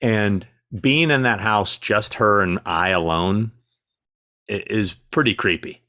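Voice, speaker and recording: A man co-hosting a casual live chat, telling stories in an animated way and laughing easily. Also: fairly low pitch, slow pace. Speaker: co-host.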